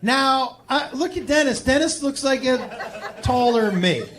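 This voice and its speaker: A male stand-up comedian telling a story to a live audience on a club stage, animated, dropping to quiet asides and rising to loud punchlines. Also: very high voice, measured pace, a loud crowd, heavy background noise.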